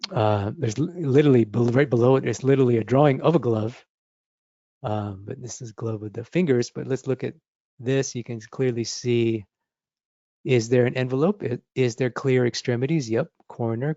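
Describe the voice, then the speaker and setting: A man's voice: medium pitch, warm tone, dry recording, muffled recording. A man in his forties teaching a drawing lesson, talking through examples with enthusiastic, repetitive emphasis and little sound effects. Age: 40s. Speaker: art instructor. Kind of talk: drawing lesson with live demonstration.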